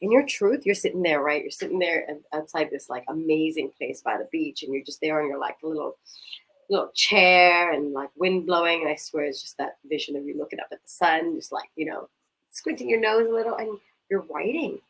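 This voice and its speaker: A woman leading a coaching exercise in casual chat, talking in an animated, gushing way and swearing casually. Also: low voice, brisk, husky, rough recording.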